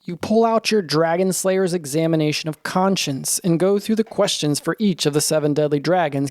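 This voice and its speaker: Man, children's story narrator, fairly high voice, dry close sound, lively. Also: dry recording. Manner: lively second-person storytelling.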